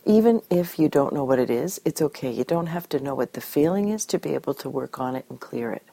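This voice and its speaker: A woman guiding a tapping session in a calm, gentle way, giving phrases for the listener to repeat. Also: rumbling low, fast talker, gravelly, no room sound. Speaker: tapping practitioner.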